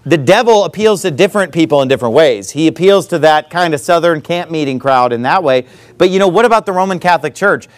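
A man preaching a sermon, talking in an animated way and sometimes mocking other preachers. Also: a little high, fast. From not from the American South.

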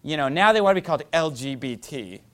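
A man's voice: a little high, animated, fast talker. A male pastor preaching a sermon in an emphatic, mocking style that builds to rising fervor.

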